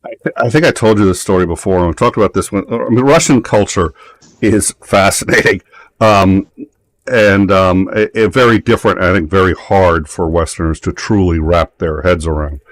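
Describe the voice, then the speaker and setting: A man in casual conversation, telling anecdotes with frequent laughs and halting restarts. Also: deep voice, no echo. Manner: chatty storyteller, laughs often, halting restarts. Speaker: talk show participant. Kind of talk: casual chat.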